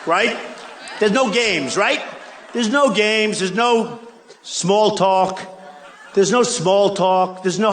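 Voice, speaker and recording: An older man, a political candidate, speaks at a rally in a large arena, his high-pitched voice slow and fairly bright, with frequent pauses. His speech is boastful and repetitive, sprinkled with mocking asides. The recording picks up the crowd in the big arena, with faint crowd sounds, ambience, and slight background noise.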